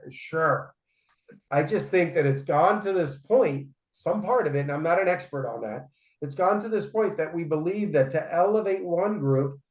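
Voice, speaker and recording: A man's voice: a little high, darkish tone. A man in his forties, a podcast guest, telling stories emphatically and often checking in with "right?". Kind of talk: casual interview storytelling. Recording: roomy echoey room.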